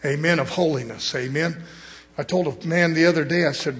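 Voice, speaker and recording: Husky folksy preacher man. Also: on the high side, fairly quick, fairly bright tone. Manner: folksy, blunt, call-and-response. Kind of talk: fiery sermon.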